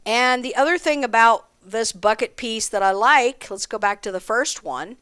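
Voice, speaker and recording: Woman drum instructor, higher voice, smooth and clear, counts beats aloud, encouraging. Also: moderate pace, fairly bright tone. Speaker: drum teacher. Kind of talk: music lesson with counting aloud.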